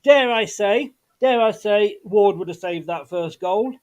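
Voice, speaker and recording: A man's voice: sits high, a little slow, a little mellow. A man hosting a casual football fan chat, wry and frustrated. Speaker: fan channel host.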